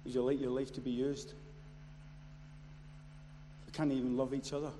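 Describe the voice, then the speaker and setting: A man preaching a sermon. He moves from quiet storytelling to loud, impassioned shouting. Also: medium pitch, flat delivery, normal speed. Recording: long hall reverb, faint noise.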